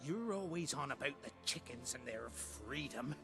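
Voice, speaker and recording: An actor playing a fussy middle-aged chicken keeper in a game, theatrical and exasperated. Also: male voice, mid-range voice, expressive, normal speed, gravelly, music in the background.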